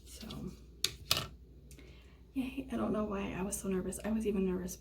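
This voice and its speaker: A young woman vlogging casually to the camera, talking softly in a half-whisper. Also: mid-range voice, fairly even intonation, moderate pace, gravelly, pauses often, noisy background. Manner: soft, half-whispered, hushed delivery. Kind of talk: casual vlog talk to camera.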